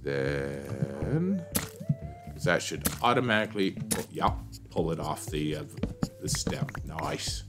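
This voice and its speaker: A man's voice: very deep voice, sing-song, slow, over music. A man streaming a game, rambling to himself and greeting chat as he plays. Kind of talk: casual gameplay commentary.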